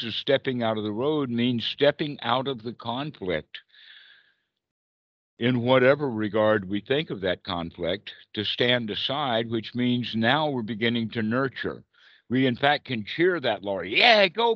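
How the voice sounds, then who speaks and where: A man's voice: medium pitch, no room sound. Man, meditation teacher on a video call. Casual and playful. Dry, muffled call audio. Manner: playful, acts out little quoted voices and laughs.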